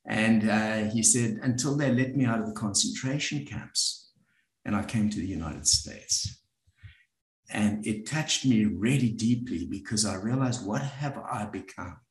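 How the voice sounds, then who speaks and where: Reflective low-voiced man, roomy sound. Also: a little slow. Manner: reflective, hesitant, many filler words. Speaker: workshop facilitator. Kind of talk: personal storytelling talk to a group. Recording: roomy echo.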